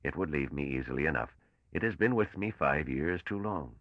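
An older man's voice, played by a man, as a bitter and weary old patrician who speaks slowly. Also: very deep voice, animated, no room sound, lo-fi sound, full character voice.

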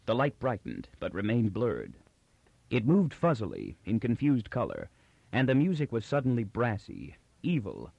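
Man reading a story with lively expression. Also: mid-range voice, creaky, dry recording. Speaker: audiobook narrator. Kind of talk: scripted narration. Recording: dull lo-fi dry recording.

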